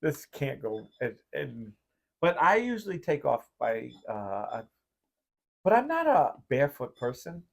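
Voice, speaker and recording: A man's voice: on the high side, huge pitch swings, measured pace, creaky. A man hosting a podcast in casual chat, telling a long rambling story full of "like" and acting out his own past reactions. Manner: heavy use of filler "like". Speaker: podcast host.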